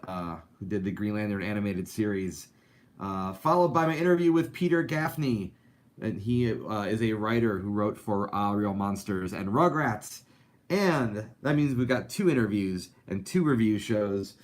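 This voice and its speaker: A man hosting a live animation talk show, chatting casually and reading out viewer comments with lots of fillers. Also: lowish voice. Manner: chatty, upbeat, rambling with many fillers.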